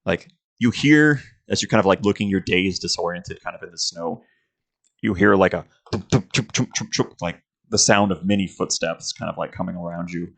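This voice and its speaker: Man, game master, deep voice, gravelly, rambling narration, lots of fillers. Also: moderate pace, a bit bright. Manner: rambling, filler-heavy description.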